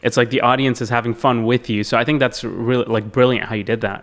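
A man hosting a casual podcast interview, asking questions in a relaxed, conversational way with many fillers. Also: mid-range voice, rapid-fire. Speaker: podcast host.

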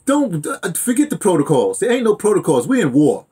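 A man's voice: high voice, huge pitch swings, fairly quick, mellow. A man, co-hosting a casual talk show, emphatic and repeating words as he builds his point. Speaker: podcast host. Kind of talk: casual chat.

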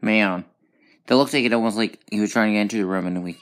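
A woman hosting a gaming channel, talking through gameplay in a rambling, excitable way with sudden high outbursts. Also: fast. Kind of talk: casual gameplay commentary.

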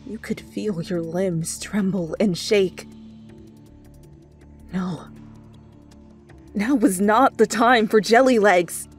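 A woman narrating a second-person fanfiction story in a soft storytelling voice. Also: medium pitch, unhurried, few pauses, faint music behind. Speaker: fanfiction reader.

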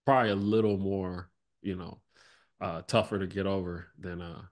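Low-voiced man, relaxed reflective talk. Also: normal speed. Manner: relaxed, lots of "like" and "you know", trails off softly. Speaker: podcast guest, former basketball player. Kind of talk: reflective conversational interview.

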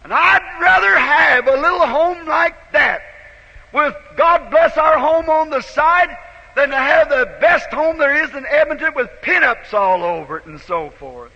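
A man preacher telling a story in a sermon, swelling from soft to shouted, on a dull 1950s tape in a big echoing hall. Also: very high voice, expressive, measured pace, gravelly.

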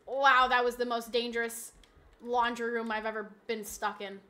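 Bright, high-voiced woman game streamer. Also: flat delivery. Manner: playful, joking banter with chat, quick reactions to gameplay. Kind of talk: casual live-stream gaming chat.

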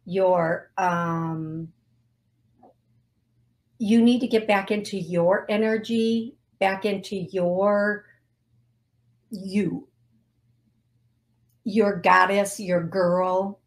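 A woman's voice: medium pitch, fairly even intonation. A middle-aged woman hosting a psychic call-in show, giving readings and leading a guided healing in an emotional, affirming way. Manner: slow, emotional, affirming, repetitive phrasing. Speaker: psychic medium radio host.

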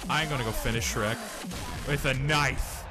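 A young man doing goofy, shouty let's-play commentary, laughing often. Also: medium pitch, moderate pace, music in the background. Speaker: gamer.

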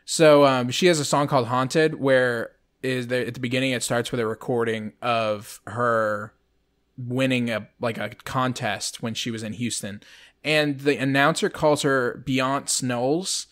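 This man co-hosts a podcast, chatting casually in a rambling, joking way. His voice sits at medium pitch with a steady, fairly bright tone, and he talks a little slowly.

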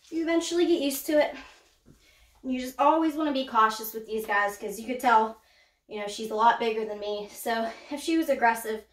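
A woman showing her pet snake in a casual vlog, chatty, laughing often and whooping with excitement. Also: fairly high pitch. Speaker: snake keeper vlogger. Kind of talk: casual show-and-tell vlog. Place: indoors room by a snake enclosure. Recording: echoey room.

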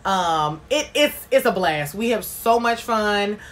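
A woman's voice: medium pitch, lively intonation, slow. A woman hosting a casual live stream, chatty and bubbly, greeting viewers by name and reading their comments aloud. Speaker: livestream host.

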